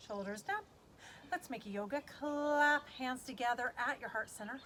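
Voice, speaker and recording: A woman's voice: on the high side, lively intonation, moderate pace, a bit bright, slight background noise. A woman leading a guided kids yoga class, cueing poses in an upbeat, playful way and making animal sounds.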